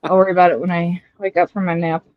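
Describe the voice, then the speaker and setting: A woman's voice: lowish voice, little pitch movement, quick pace. A woman hosting her livestream in casual chat, with a laid-back, teasing drawl. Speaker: livestream host. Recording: dull lo-fi stream audio.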